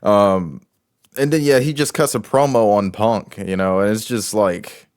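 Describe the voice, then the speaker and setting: A man's voice: fairly low pitch, measured pace, a little mellow, no echo, clean studio sound. A man giving casual commentary as a wrestling show reviewer, rambling with many restarts and fillers.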